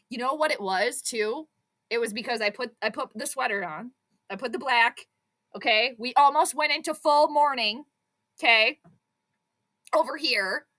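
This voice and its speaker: A young adult woman hosting a live sports stream, reacting to the game in an excitable, exclamatory, chatty way. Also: sits high, moderate pace. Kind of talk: live play-by-play reaction commentary.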